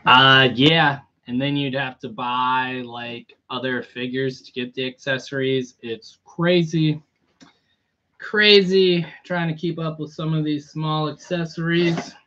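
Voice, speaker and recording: A man live-streaming a toy unboxing in a relaxed, chatty way, greeting viewers by name. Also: medium pitch, takes it slowly, highs cut off. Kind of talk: casual live-stream chat.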